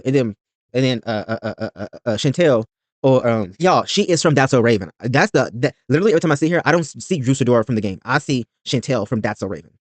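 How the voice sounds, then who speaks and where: A man's voice: mid-range voice, lively intonation, quick pace, no room sound. A man hosting a reaction video, recapping a reality show in a rambling, blunt and profane way.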